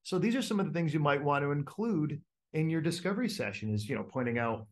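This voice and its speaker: A man's voice: a little high, quick pace. A man coaching a group, talking casually with many fillers and restarts and acting out inner voices. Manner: animated, acts out inner voices. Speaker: coach leading a group call. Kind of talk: casual teaching talk.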